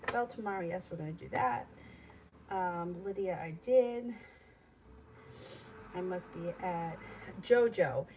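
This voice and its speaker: A woman's voice: on the low side, slow pace, long pauses. A woman giving casual tarot readings on a live stream, talking in a loose, rambling way. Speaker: tarot reader. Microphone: home streaming setup. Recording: noisy live stream audio.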